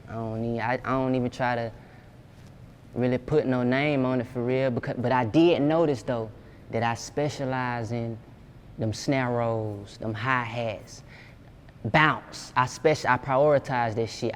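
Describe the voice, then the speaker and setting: A man's voice: mid-range voice, fairly even intonation, moderate pace. Young guy, music producer, chill slangy cussing talk, bit of background hiss. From Georgia, USA. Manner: laid-back, slangy, profane. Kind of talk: casual interview.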